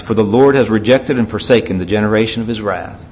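A man's voice: lowish voice, brisk, few pauses, slight background noise. Emphatic preacher man, lo-fi sound. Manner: dynamic, swings from loud emphatic to quiet grave. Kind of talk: sermon. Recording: dull lo-fi recording.

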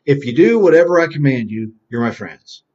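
An animated man of medium pitch and darkish tone gives children a Bible lesson, posing questions and answering them slowly himself. He repeats key phrases in call-and-response drills, and the recording is dull and lo-fi.

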